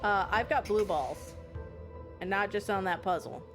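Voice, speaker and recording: A woman's voice: medium pitch, unhurried. Young woman streamer, chatty and loose, prone to panicked shrieks, with faint game music behind her. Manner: chatty, swears, laughs a lot, shrieks when panicking. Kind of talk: casual live-stream commentary.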